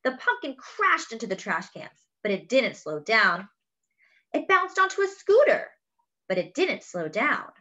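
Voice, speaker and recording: A woman reading a picture book aloud to children, expressive and exclaiming over the pictures. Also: a little high, unhurried, dull audio. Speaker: children's story reader. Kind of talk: read-aloud storytelling.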